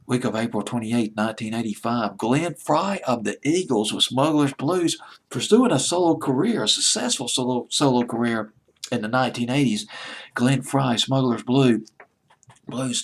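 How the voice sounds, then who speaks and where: A man's voice: mid-range voice, husky. A man hosting his own music countdown in a casual, rambling, nostalgic way, often stumbling and correcting himself. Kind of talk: casual solo commentary.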